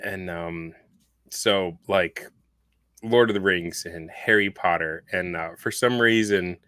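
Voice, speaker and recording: A man chatting as a guest about tabletop games, upbeat and quick to laugh. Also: low-pitched, pushed and bright, no echo. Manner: enthusiastic, laughs often.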